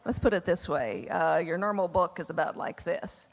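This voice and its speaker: A woman with a low, gravelly voice speaks matter-of-factly on a panel. The sound carries the long reverb of a big hall. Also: moderate pace. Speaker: author on a panel. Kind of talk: panel talk. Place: large event hall.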